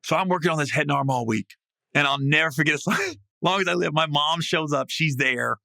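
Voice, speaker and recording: A man hosting a podcast, telling a comic story in a casual, salty way, often breaking into loud, high laughing bursts. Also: a little fast, creaky, dry recording. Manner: animated, swings into loud, high laughing outbursts; salty, casual, swears freely. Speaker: podcast host. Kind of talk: comedic storytelling monologue. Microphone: podcast mic.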